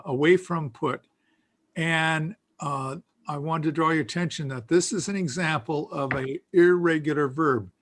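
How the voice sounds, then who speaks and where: A man teaching a beginners' Greek class in a slow, patient, explanatory way, with frequent fillers. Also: fairly high pitch, fairly bright tone. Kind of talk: casual teaching.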